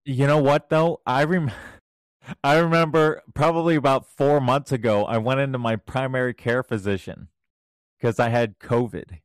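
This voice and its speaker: A man co-hosting a podcast, telling anecdotes casually and getting animated when he acts out what others said. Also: mid-range voice, normal speed, clean tone, dry recording, studio quality. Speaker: podcast co-host.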